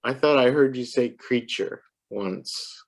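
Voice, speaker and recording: Low-voiced lady tutor doing pronunciation drills, slow and patient, says each word super clearly. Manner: patient, drills words slowly and repeats them clearly. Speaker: English tutor. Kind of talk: one-on-one pronunciation lesson.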